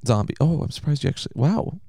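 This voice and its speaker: A man's voice: fairly high pitch, lively intonation, fast, creaky, mellow, no echo, clean studio sound. A man co-hosting a podcast in casual chat, teasing and joking. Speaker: podcast co-host.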